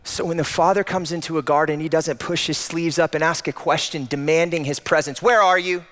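A man preaching a sermon, swinging from loud emphatic peaks down to soft, intimate passages. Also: on the high side, steady tone, brisk. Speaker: pastor. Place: church auditorium.

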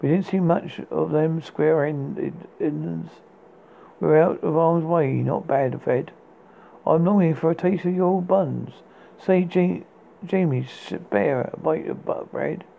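Gravelly man reading poems over a tinny line. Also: a little high. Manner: halting, stumbles and restarts words. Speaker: podcast host. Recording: tinny phone-like sound with faint hiss.

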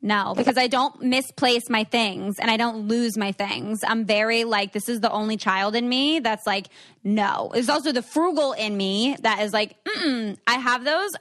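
A woman's voice: on the high side, normal speed, a bit bright. A young woman hosting a podcast, telling a candid story in casual chat, rambling with lots of likes. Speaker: podcast host.

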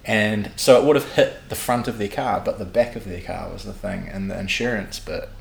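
A young man with a New Zealand accent, chatting casually on a podcast and telling animated, profanity-laced stories. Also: lowish voice, moderate pace, vocal fry. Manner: animated storyteller, swears freely. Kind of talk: casual chat. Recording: echoey room, faint background hum.

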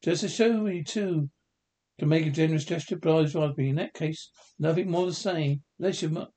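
Man reading a film script, mellow. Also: a little high, fairly quick.

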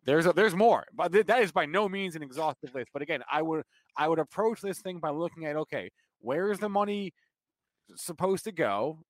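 New jersey guy on a stock show, talks fast, trips over his words, dry close mic. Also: a little high, animated, dry recording. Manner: quick, stumbling restarts. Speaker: co-host. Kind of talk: fast casual market talk.

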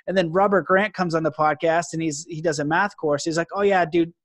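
Podcast host, male, excitable and rambling, dry close sound. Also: on the high side, a little fast, no echo. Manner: rambling, enthusiastic, many fillers and restarts. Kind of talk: casual interview chat.

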